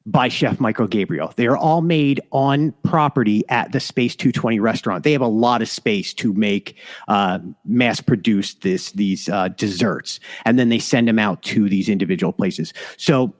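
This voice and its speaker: A man's voice: fairly low pitch, normal speed. A man co-hosting a food podcast, chatty and joking. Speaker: podcast co-host. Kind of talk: casual food podcast chat.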